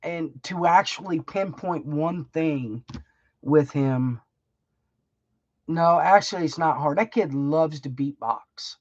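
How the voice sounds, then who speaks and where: A woman's voice: low-pitched, slow pace, a little mellow, dry recording, lo-fi sound. A middle-aged woman, chatting on her own livestream in a rambling, emotional, folksy way and laughing often. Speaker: livestream host. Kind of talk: casual heartfelt livestream chat.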